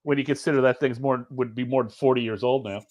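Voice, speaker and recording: A man's voice: medium pitch, steady tone, quick pace, a little mellow. A man drops wry one-liners in casual podcast chat. His voice comes through a dull, lo-fi line with little top end. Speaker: podcast co-host.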